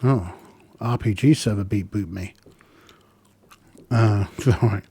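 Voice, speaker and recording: A man's voice: fairly low pitch, slow, mellow, husky. A man narrating his solo tabletop game, thinking aloud with plenty of ums.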